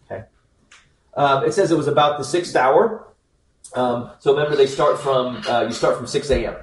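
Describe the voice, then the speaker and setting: A man's voice: mid-range voice, moderate pace, a little hiss or hum. A man giving a casual Bible lesson, talking straight to his listeners as "guys", with plenty of ums and restarts. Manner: conversational, addresses listeners as guys, frequent ums. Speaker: Bible teacher. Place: church meeting room. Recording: roomy echo, mic at a distance.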